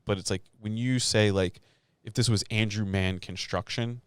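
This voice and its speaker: A man's voice: on the low side, fairly even intonation, moderate pace, smooth, no echo. A man co-hosting a casual podcast, telling stories in a swearing, worked-up way with lots of fillers. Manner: swearing, heated storytelling with many fillers. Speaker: podcast co-host.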